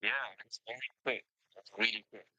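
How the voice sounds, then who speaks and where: A man's voice: fairly low pitch, steady tone, fairly quick, sharp tone, dry recording, low-quality recording. A man from London, a former student, giving short, agreeable answers on a call. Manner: brief, agreeable replies.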